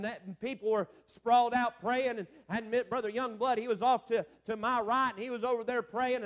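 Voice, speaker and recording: High-voiced fervent revival preacher. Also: male voice. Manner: fervent storytelling preacher, keeps repeating "boy, I'm telling you" and "amen"; swings from low, hushed telling to loud, high preaching peaks. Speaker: evangelist preacher. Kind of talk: revival sermon.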